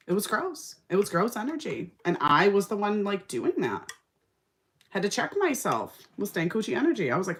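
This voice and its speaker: This makeup vlogger is a young woman with a mid-range voice who talks at a normal speed. While applying her makeup she tells an emotional story with sass and animation, keeping the tutorial chat casual.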